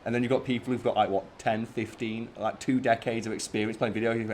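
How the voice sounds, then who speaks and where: A man, hosting a casual let's-play, fast, profane and joking. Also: lowish voice, fairly even intonation, a little mellow, slight background noise. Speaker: host.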